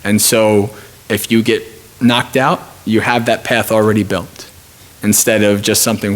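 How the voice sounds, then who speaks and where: A man's voice: lowish voice, level tone, unhurried. A man teaching meditation at a retreat, speaking informally and thinking aloud with frequent restarts. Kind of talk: dharma talk at a retreat.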